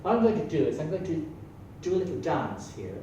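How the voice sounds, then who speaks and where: A man's voice: fairly high pitch, sing-song, a little fast, warm tone. An Irish man in his sixties doing rambling, self-mocking stand-up comedy on a small stage. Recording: echoey room, distant mic, faint hum.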